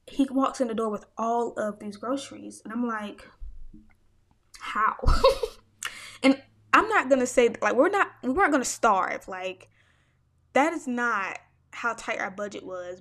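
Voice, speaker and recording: A woman's voice: on the high side, fairly bright tone, dry recording, studio quality. A young woman hosting a podcast, sharing a personal faith story in an earnest, emotional way and speaking straight to her listeners. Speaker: podcast host.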